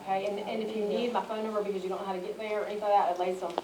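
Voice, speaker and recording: A woman's voice: medium pitch, level tone, racing, a crowd in the background. A woman organizer giving earnest, encouraging closing remarks to an audience, repeating herself for emphasis. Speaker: event organizer. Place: indoor event hall. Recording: echoey room, mic some distance away.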